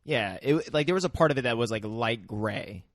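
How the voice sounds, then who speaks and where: A man's voice: medium pitch, lively intonation, a little fast, no room sound, studio quality. A man co-hosting a comedy podcast, chiming in with short agreeing remarks and the odd profane joke. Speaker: podcast co-host. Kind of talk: casual comedic chat.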